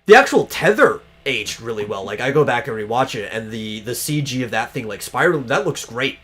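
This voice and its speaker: A man's voice: mid-range voice, very animated, fairly quick, fairly bright tone. Chatty man rambling on a podcast. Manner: rambling, many fillers and restarts, swears casually. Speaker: podcast co-host. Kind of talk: casual chat about movies.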